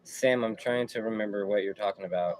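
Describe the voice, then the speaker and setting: A man's voice: fairly low pitch, fairly quick, a little mellow, low-quality recording. A man hosting a casual live stream, chatting in a slangy, laid-back way and often repeating himself. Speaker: livestream host.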